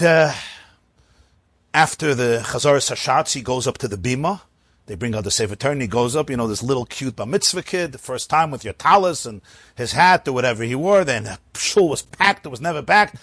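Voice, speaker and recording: A man telling an animated religious story, acting out the people in it. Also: medium pitch, moderate pace, husky, no room sound. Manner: animated, acts out the characters.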